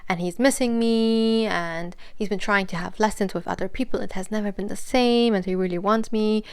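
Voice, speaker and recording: A woman's voice: mid-range voice, steady tone, moderate pace, clean tone. A woman in her twenties telling a personal story in a casual, chatty way, full of "like" and "you know". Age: 20s.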